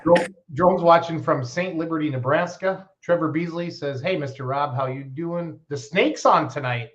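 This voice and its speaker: A man's voice: a little high, moderate pace, very noisy. A man hosting a live stream from his home, chatty and upbeat as he reads out viewer comments. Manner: upbeat, chatty, lively promoter. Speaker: host of a live pulling show stream. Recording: dull lo-fi stream audio.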